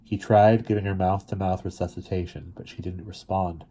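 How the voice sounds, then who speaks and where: A man reading a children's novel aloud in a quiet, measured way. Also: steady tone, husky. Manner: quiet, measured, drops low for sad moments. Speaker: reader.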